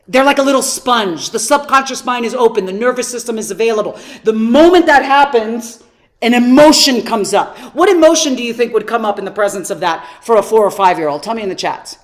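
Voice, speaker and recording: Brief: woman coach, higher voice, lively storyteller teaching online. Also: fairly quick. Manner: animated storytelling, rhetorical questions. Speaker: personal development coach.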